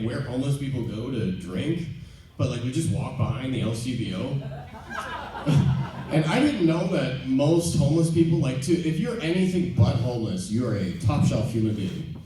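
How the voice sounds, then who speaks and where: A man doing stand-up, telling a rambling, self-deprecating story with halting ums and restarts. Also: mid-range voice, lively intonation, dark tone, slight background noise. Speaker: stand-up comedian. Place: theater stage before a live audience. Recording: echoey venue from far off.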